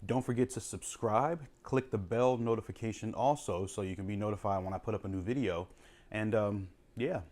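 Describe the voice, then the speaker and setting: Low-voiced man demoing a recipe. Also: normal speed. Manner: relaxed, chatty, gives step-by-step tips. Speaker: cooking vlogger. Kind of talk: casual cooking demonstration. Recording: home video with music behind.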